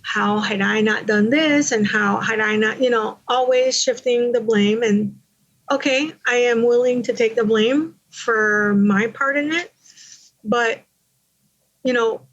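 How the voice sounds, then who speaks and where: A woman's voice: on the high side, measured pace, dull audio. A woman from Panama candidly telling her own story in an interview, in a conversational way. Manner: candid, conversational, with many you-knows.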